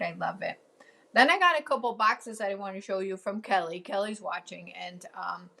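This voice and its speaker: Chatty woman with vocal fry. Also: medium pitch, fairly bright tone. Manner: chatty, answers viewer comments, many ums and laughs. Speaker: crafting show host. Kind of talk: casual live-stream crafting chat.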